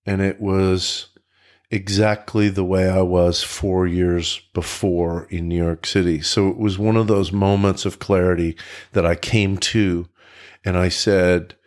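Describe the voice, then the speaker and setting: A man with a notably deep, low-pitched voice tells his personal recovery story as a podcast guest. He talks in a reflective, earnest way, circling back and restarting sentences as he goes. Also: level tone, a little slow, darkish tone.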